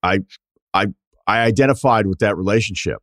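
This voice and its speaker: A man's voice: fairly low pitch, fairly quick, a bit bright, no room sound, studio quality. A middle-aged man hosting a podcast, chatting casually and giving strong opinions with the odd swear word. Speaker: podcast host. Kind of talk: casual chat.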